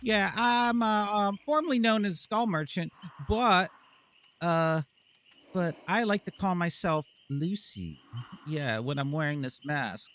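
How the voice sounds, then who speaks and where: A man voicing a posh, self-important female killer in a high, chirpy put-on voice. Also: takes it slowly, fairly bright tone. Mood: chirpy, prim.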